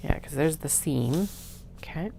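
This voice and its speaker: A woman's voice: low voice, lively intonation, unhurried, vocal fry, background noise. A woman chatting to herself while cutting fabric in her studio, casual and self-mocking. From Canada. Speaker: craft maker. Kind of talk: casual work-along vlog narration. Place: home sewing studio.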